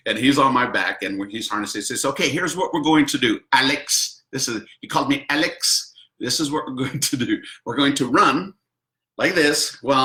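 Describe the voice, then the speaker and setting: A man's voice: medium pitch, sharp tone, roomy sound. A man hosting a video, telling a personal story casually and animatedly, acting out quotes and laughing often. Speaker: host.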